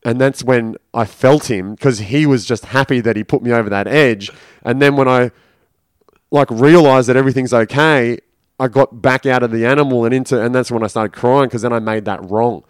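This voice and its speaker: A man's voice: mid-range voice, fairly even intonation, normal speed, clean tone, no echo, clean studio sound. A man candidly recounting a personal story in casual conversation, swearing freely and acting out his inner voices. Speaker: podcast guest.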